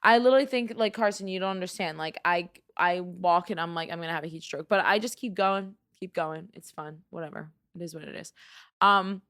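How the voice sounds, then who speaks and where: A woman's voice: lowish voice, a little fast. A young woman from New York with a New York accent, hosting a casual solo podcast and rambling in an opinionated way, full of "like". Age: young adult. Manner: rambling, lots of "like", animated and opinionated. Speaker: podcast host.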